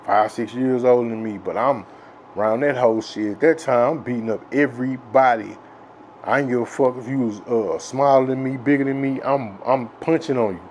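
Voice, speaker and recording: A man from Texas telling a childhood story in a rambling, profane, filler-heavy way that grows loud and excited with laughs. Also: mid-range voice, brisk, a little hiss or hum. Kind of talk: casual storytelling.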